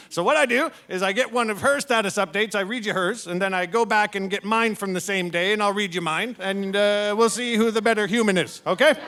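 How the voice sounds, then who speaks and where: Loud, gravelly man doing stand-up. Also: high-pitched. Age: 40s. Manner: loud, rowdy storytelling with frequent "all right?" asides. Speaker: stand-up comedian. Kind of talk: stand-up comedy set. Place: comedy venue with a live audience.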